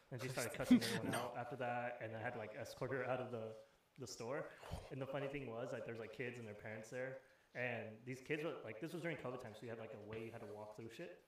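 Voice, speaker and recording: Fast-talking young man, echoey room. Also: mid-range voice. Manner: profane, animated storyteller acting out other people. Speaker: podcast host. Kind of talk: casual chat among friends.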